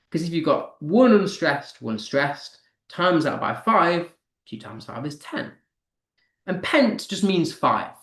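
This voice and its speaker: A British man teaching an English lesson, patient and a little halting, with plenty of ums as he works through each point. His voice sits a touch high and swings lively up and down, and it rings in an echoey room. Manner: explains patiently, with many ums and restarts. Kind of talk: online lesson.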